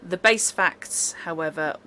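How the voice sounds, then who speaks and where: A woman narrating as game master of a tabletop game, talking in an unhurried, chatty way with asides. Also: on the low side, pushed and bright, slight background noise.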